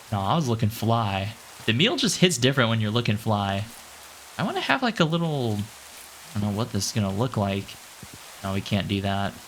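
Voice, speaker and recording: A man casually commenting on his own gameplay, chatty and playful, thinking out loud and jumping up in pitch when excited. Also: slight background noise. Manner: chatty and playful, calls himself "your boy". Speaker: gaming channel host.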